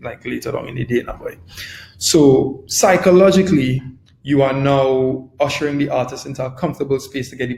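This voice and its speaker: Producer, relaxed teaching voice with a gravelly edge, in a roomy echoing space. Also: male voice, mid-range voice. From Trinidad and Tobago. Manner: relaxed, conversational, repeats phrases and asks "right?". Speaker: music producer teaching a webinar. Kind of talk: casual instructional talk.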